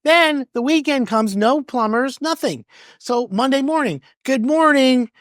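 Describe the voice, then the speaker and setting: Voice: sits high, lively intonation, a little slow, a bit bright, no echo, studio quality. A podcast host giving casual, conversational advice on home improvement, often repeating words and acting out both sides of a conversation.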